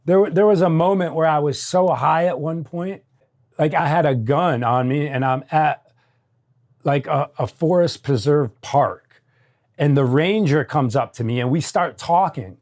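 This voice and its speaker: Middle-aged american guy, intense and raw, swears a lot, keeps saying right, pitch a bit up. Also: a little slow, a little mellow. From United States. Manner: intense, raw, swearing freely, many tag questions. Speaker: guest. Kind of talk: candid interview storytelling.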